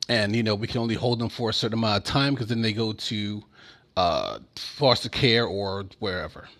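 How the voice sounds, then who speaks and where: A man's voice: lowish voice, normal speed, fairly bright tone. A man giving casual political commentary in a blunt, sarcastic and profane way.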